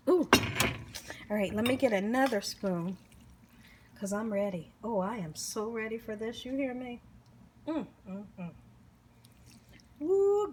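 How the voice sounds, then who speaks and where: A woman's voice: on the high side, background noise. Woman cooking host humming over her food. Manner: lots of savoring hums and exclamations; talks straight to viewers. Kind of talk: casual cooking vlog, tasting on camera.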